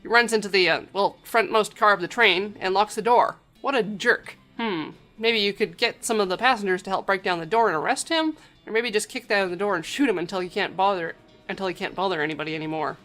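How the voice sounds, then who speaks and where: A woman's voice: mid-range voice, brisk, fairly bright tone, soft background music. A woman streaming a game, reading its text aloud with wry, joking asides.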